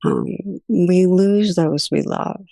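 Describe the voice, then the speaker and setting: A woman giving a reflective meditation teaching talk, telling stories gently with soft, unhurried pauses. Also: on the low side, huge pitch swings, gravelly, no echo, clean studio sound.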